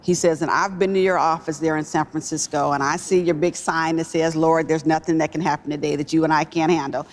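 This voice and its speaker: A woman executive telling a personal story in a talk-show interview, emphatic and animated. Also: low-pitched, a little fast, hardly any pauses. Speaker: guest, business executive.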